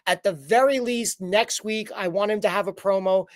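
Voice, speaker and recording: A man's voice: high-pitched, moderate pace, dry recording. A man co-hosting a wrestling recap podcast, chatting casually and rambling with frequent restarts. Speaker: podcast co-host.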